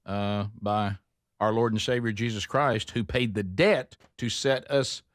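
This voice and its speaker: A man hosting a casual morning radio show, folksy and halting, often repeating words. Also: lowish voice, no room sound, studio quality.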